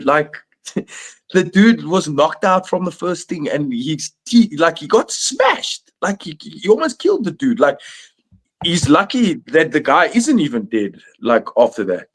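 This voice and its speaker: A man's voice: a little high, big pitch swings, measured pace. A young man talking casually on a podcast panel, rambling with many fillers and restarts. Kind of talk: casual chat.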